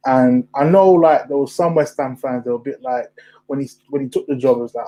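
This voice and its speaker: A young man hosting a casual football chat, animated and full of slang. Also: mid-range voice, a little fast, low-quality recording. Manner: animated, slangy, asks questions. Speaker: podcast host.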